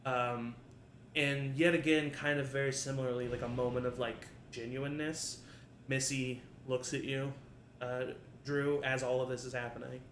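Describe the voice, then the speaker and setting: A man's voice: medium pitch, flat delivery, moderate pace, a bit bright. Man GM narrating a tabletop game, rambling, echoey room, faint hum. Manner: rambling, filler-heavy narration. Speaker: game master. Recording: roomy echo, faint ambience.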